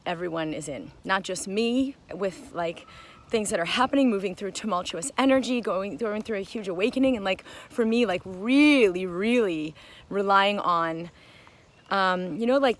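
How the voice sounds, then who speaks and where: Woman musing out loud, lots of um and like, mid pitch, faint hiss behind her. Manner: conversational, many fillers and restarts; acts out quoted voices with animated emphasis. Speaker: mind-body wellness teacher. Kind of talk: casual reflective monologue.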